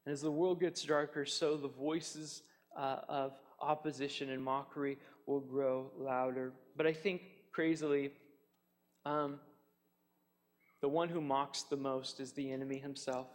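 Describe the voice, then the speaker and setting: A man's voice: medium pitch, level tone, a little slow. Emphatic preacher man in reverberant hall. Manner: earnest, emphatic preaching with repetitions. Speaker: pastor. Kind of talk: sermon.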